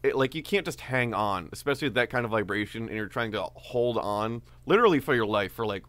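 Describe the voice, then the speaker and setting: A man co-hosting a podcast, telling a story in a relaxed, casual way with many fillers. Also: mid-range voice, fast, no echo. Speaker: podcast co-host.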